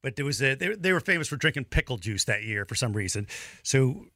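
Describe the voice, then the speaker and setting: Man, podcast co-host, casual chat, acts out quotes, bright, dry sound. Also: mid-range voice, lively intonation, brisk, dry recording. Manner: chatty, acts out quoted voices.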